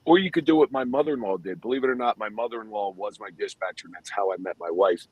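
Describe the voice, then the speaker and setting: A man's voice: fairly low pitch, fast, breathy edge, no room sound, dull audio. A man, a police officer and co-host, telling a story in a casual, wryly humorous way.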